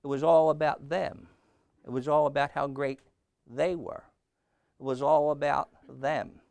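A man's voice: fairly high pitch, level tone, unhurried, gravelly, darkish tone, clean tone, no room sound. A man preaching a sermon in an emphatic way, often repeating his phrases.

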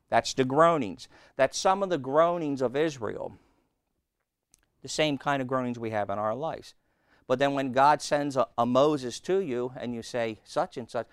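A man's voice: mid-range voice, clear, resonant tone, dry recording, clean studio sound. A man preaching a conversational sermon in a plainspoken, folksy way, often turning to the listeners with rhetorical questions.

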